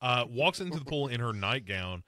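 A man's voice: medium pitch, expressive, moderate pace, pushed and bright, no echo, clean studio sound. A man hosting a podcast, recapping a film scene by scene in casual chat and slipping into mocking voices for the characters. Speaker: podcast host.

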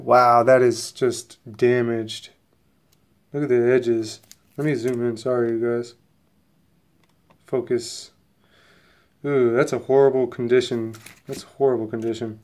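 A man hosting his own casual unboxing vlog, talking excitably and rambling straight to his viewers while sniffly from a coming cold. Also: medium pitch. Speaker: channel host opening trading cards.

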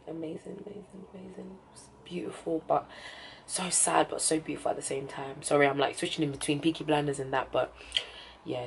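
A woman with a London accent talks straight to camera from her home, chatty and heartfelt. Her voice sits low and dark, and her speech sometimes sinks almost to a whisper. A faint room hum sits under it. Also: poor audio. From England. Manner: chatty and heartfelt, drops to a soft near-whisper at times. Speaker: vlogger. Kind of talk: casual vlog chat. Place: indoors at home.

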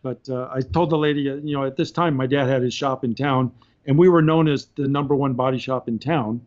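A man's voice: mid-range voice, fairly even intonation, fairly quick, a little mellow, highs cut off. A man, a podcast guest, telling casual stories and laughing through his anecdotes. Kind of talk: casual storytelling.

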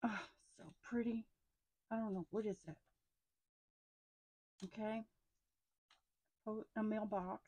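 Gushing slow-talking woman. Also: medium pitch, dry recording. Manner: gushing, excitable, often hushed and breathy asides. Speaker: stationery haul vlogger. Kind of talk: casual unboxing chat.

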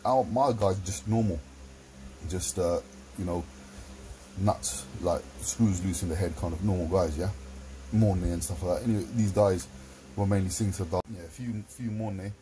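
A middle-aged man with a very low, dark voice speaks in a blunt, casual monologue. He swears heavily. Faint hiss runs under the recording. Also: normal speed, low-quality recording. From London. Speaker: vlogger.

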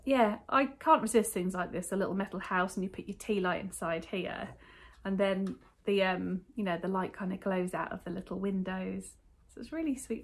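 A woman with a British accent chatting casually to camera at home, showing off thrifted finds in a rambling, enthusiastic way. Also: medium pitch. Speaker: vlogger showing a thrift haul. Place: at home, indoors.

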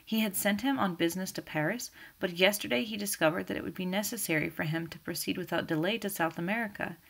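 A proud, composed middle-aged widow, read by a woman, speaking low and restrained with a gravelly edge. The voice sits fairly low. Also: fast talker, a bit bright.

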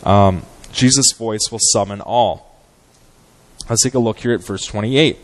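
A man with a fairly low voice preaches a sermon. His delivery is earnest and measured, and he often pauses on fillers as he works through scripture. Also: low-quality recording. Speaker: guest preacher. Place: church sanctuary.

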